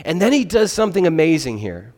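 A male pastor delivers a sermon with a slightly higher pitch than most men. He speaks conversationally and acts out short exchanges in put-on voices. His voice rings out with a long reverb, as if he were in a large hall. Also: fast talker. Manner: animated, acts out little dialogues in put-on voices.

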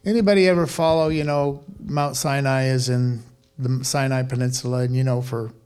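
A man's voice: mid-range voice, normal speed, clean tone. Conversational man preaching a sermon. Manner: conversational, animated preaching with asides. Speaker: pastor.

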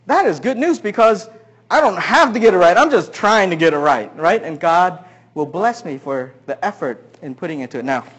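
A middle-aged man, a pastor, preaching a sermon, telling a funny personal story with animated swings between loud punchlines and hushed asides. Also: high-pitched, moderate pace, husky, lo-fi sound.

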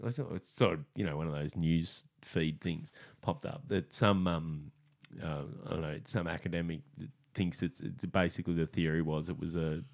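An Australian podcast host with a very deep, low voice who grew up out in the country. He trades chatty anecdotes with his guest and laughs easily. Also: steady tone, normal speed, creaky. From rural Australia. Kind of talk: casual chat.

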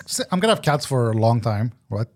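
A man's voice: mid-range voice, sing-song, fairly quick. A young man co-hosting a podcast, chatting casually, joking and laughing often. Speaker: podcast co-host. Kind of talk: casual chat.

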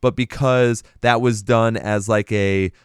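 Casting: blunt, swearing male co-host, low and smooth voice. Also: steady tone, slow, no echo, clean studio sound. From Boston area. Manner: blunt, swears, laughs often. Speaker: podcast co-host. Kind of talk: casual chat.

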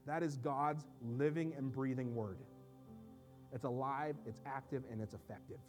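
A man preaching as a pastor, swinging between soft low asides and loud emphatic lines, in a church. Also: steady tone, moderate pace, soft background music. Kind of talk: sermon. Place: church sanctuary.

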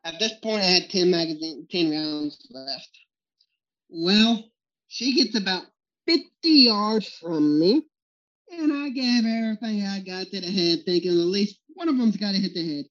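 A man's voice: high-pitched, lively intonation, measured pace, fairly bright tone. A man with a drawl tells hunting stories as a podcast guest, laughing often and playing out each quote with gusto. The recording is dull and lo-fi, the top end rolled off. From Texas. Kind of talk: storytelling in a podcast interview. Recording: muffled lo-fi recording.

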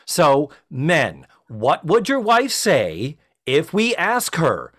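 A man co-hosting a comedy podcast, talking through his point earnestly and at length. His voice sits fairly high and moves with a lot of expression. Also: huge pitch swings, extremely slow, fairly bright tone. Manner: earnest, explanatory, laughs often. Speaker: podcast co-host. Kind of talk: casual comedic chat.

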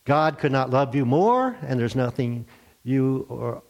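Man, pastor, sermon, storytelling delivery, lively swooping pitch. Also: unhurried, dull audio. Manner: animated storytelling, acts out characters.

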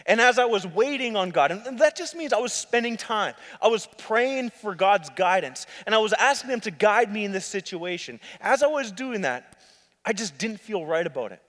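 A man's voice: high voice, animated, moderate pace, a bit bright. A young man preaching a sermon in church, talking conversationally with self-deprecating asides to the congregation. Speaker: pastor. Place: church sanctuary. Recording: long hall reverb.

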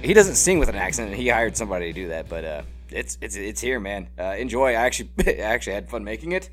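A man's voice: on the low side, very animated, fast talker, a bit bright, faint music behind. A man hosting a podcast, giving a rambling, self-mocking, profane intro in casual talk. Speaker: podcast host.

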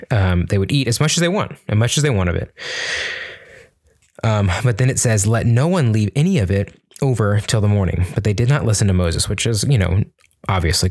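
Young male Bible teacher, low-pitched, relaxed chatty delivery with restarts. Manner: chatty, informal, many fillers and restarts.

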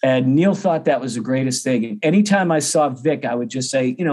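A man's voice: mid-range voice, brisk. A middle-aged man, a percussion teacher, telling a story casually and acting out the other people's voices. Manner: animated, acts out others' voices.

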